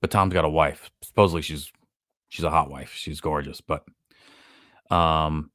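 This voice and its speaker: A man's voice: a bass voice, moderate pace, a bit bright, dry recording, studio quality. A man hosting a casual live-stream podcast, breaking down a show with sarcasm and acting out characters' lines in a raised voice. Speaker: podcast host.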